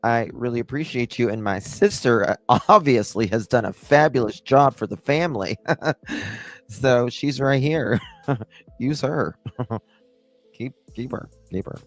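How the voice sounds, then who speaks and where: A man's voice: medium pitch, measured pace, faint music behind. A man hosting a livestream, chatting casually with viewers and laughing at their comments. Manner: giggly, jokey banter. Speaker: livestream host.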